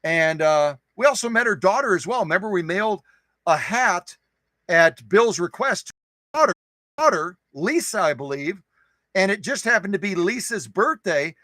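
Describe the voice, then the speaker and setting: A high-pitched man with a bright, sharp voice hosts a relaxed live stream, greeting viewers one by one. He is playful and goofy and loves wordplay and repetition. His voice sounds dry and close, with no room echo. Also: moderate pace. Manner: playful and goofy, jokes and repeats phrases.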